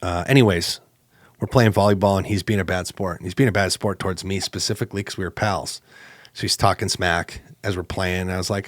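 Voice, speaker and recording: A man co-hosting a podcast, telling a personal story in a casual, animated way with lots of fillers. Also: quick pace, no echo, clean studio sound. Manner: animated, acts out quoted exchanges with jumps in pitch; conversational, with many fillers and restarts. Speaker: podcast co-host.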